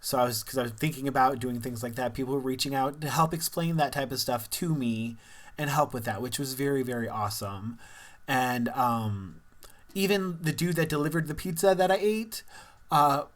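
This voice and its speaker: A man's voice: medium pitch, moderate pace. A young man from Missouri talking candidly in a casual personal vlog, rambling and laughing now and then. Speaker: vlogger.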